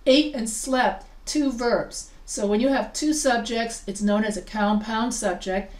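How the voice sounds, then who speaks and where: Fairly high-voiced woman teaching a class. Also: measured pace, darkish tone. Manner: chatty, asks students questions, restarts often. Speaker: writing instructor. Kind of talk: live class lesson. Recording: echoey room, voice from far off.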